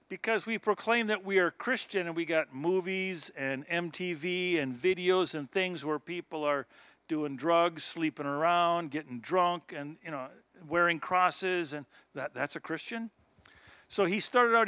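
A man's voice: fairly high pitch, sharp tone, no echo. A man of sixty giving an earnest, exhorting sermon to a church youth group. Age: 60s. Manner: earnest, exhorting, chuckles between points. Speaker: guest speaker.

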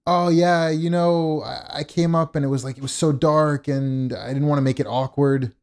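Guy putting on a higher whiny voice for a pushy door salesman, stammery and dodgy. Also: steady tone, normal speed, darkish tone, natural voice. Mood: defensive. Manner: evasive, stammering excuses.

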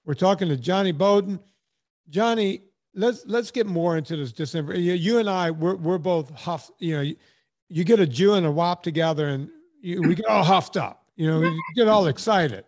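A podcast host with a New York accent, a man whose voice sits a little high for a man. He talks in a casual, animated way, often restarting his sentences as he tells a story. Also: moderate pace. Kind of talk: casual podcast chat with ad read.

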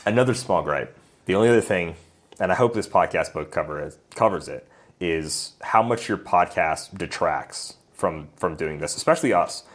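A man's voice: low-pitched, animated, normal speed. A man co-hosting a podcast, easygoing and jokey in casual chat. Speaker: podcast co-host.

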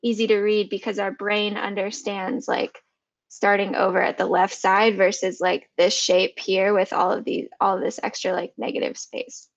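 A woman's voice: mid-range voice, little pitch movement, moderate pace, gravelly, dry recording, lo-fi sound. A woman giving a casual design tutorial, chatty and full of fillers and restarts. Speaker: motion designer. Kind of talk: casual screen-share tutorial.

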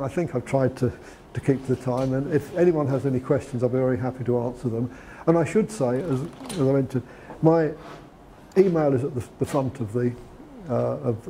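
A man delivers a lecture in a relaxed, conversational way, often restarting his sentences. His voice is gravelly and mellow, with a faint hiss of noise underneath. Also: mid-range voice. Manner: conversational with frequent restarts and fillers. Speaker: guest lecturer. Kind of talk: lecture on preparing a CV.

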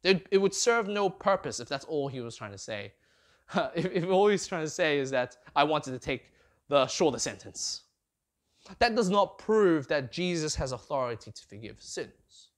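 A man's voice: a little high, normal speed. A man preaching a sermon, often putting rhetorical questions to his listeners. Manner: asks the congregation many rhetorical questions; expressive, rising and falling delivery.

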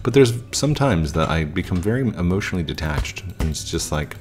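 A man's voice: low voice, very animated, brisk, over music. A man in his thirties talking casually and reflectively while playing a game, often restarting his sentences. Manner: reflective, frequent restarts and fillers. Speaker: gaming YouTuber.

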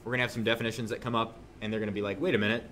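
A young man teaching a math class, joking with students and suddenly yelling for effect, recorded in a classroom. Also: lowish voice, rapid-fire, a little hiss or hum. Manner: joking, animated, shouts suddenly. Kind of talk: classroom lesson.

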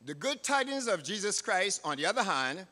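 Barbadian church elder preaching. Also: male voice, high voice, sing-song, sharp tone. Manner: measured, emphatic preaching. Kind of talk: sermon with a read-aloud story. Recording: reverberant hall.

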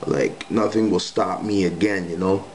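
Young man, low voice, casual slangy storytelling, acts out voices, faint background hiss. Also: moderate pace, low-quality recording. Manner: animated, slangy, acts out quoted lines. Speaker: guest giving testimony. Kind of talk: casual spoken testimony storytelling.

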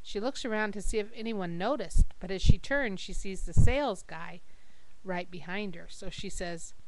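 A woman reading jokes aloud to a webcam at home in a lively storytelling voice, jumping up high for the silly characters. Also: moderate pace, slight background noise, rough recording. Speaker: joke teller. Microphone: webcam microphone.

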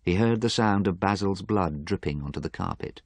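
A man narrating a graded story in a steady, clear storytelling manner. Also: low-pitched, moderate pace, no echo.

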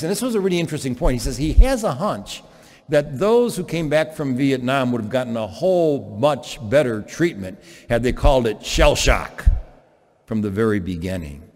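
A man, a priest, giving a homily in a chapel, preaching in an animated way with frequent restarts. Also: mid-range voice. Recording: long chapel reverb.

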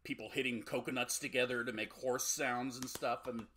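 A man co-hosts a casual podcast and rambles through a movie recap with dry jokes. His voice is husky, with a bright edge. He pads his lines with plenty of fillers. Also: mid-range voice, steady tone, normal speed. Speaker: podcast co-host.

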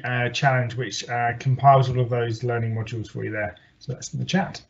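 A man's voice: medium pitch, fairly even intonation, brisk, vocal fry. A man hosting a webinar, politely thanking the speaker and wrapping up. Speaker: host. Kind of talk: moderating a webinar. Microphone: video call. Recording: lo-fi online call audio.

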